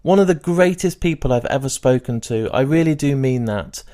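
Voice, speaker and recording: A man's voice: mid-range voice, animated, normal speed, warm tone. A man hosting a podcast, effusive and eager, interviewing a guest and wrapping up the episode. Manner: enthusiastic, effusive. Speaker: podcast host. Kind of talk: interview and outro talk.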